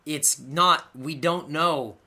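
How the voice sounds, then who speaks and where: A man's voice: fairly high pitch, slow pace, bright, forceful tone. A man co-hosting a podcast, recapping wrestling in casual chat with sarcastic, exasperated remarks and plenty of swearing. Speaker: podcast co-host.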